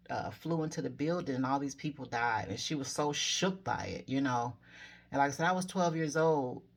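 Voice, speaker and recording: A woman in her forties telling personal spiritual stories to her viewers in a casual, earnest way, often correcting herself mid-story and giving encouraging advice. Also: rumbling low. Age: 40s. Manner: encouraging advice to fellow dreamers. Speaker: spiritual vlogger.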